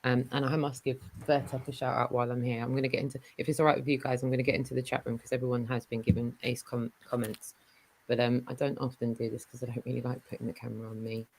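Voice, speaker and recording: A woman hosting a casual livestream chat, giving shout-outs and telling stories with lots of fillers. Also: rumbling low, flat delivery, fast talker, low-quality recording. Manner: chatty, warm shout-outs, many fillers. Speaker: livestream host.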